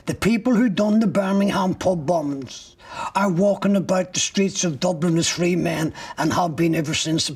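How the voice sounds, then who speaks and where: A man's voice: fairly high pitch, vocal fry, recorded from a distance. An older man being interviewed, telling a harsh personal story bluntly, with frequent swearing. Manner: blunt, profane, vivid storytelling. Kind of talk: recounting personal ordeal.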